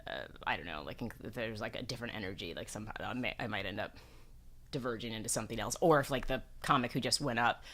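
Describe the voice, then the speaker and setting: A woman comedian giving a relaxed, rambling commentary on her own set. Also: a bass voice, quick pace. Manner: rambling, with many fillers. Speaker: comedian, guest. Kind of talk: casual commentary chat.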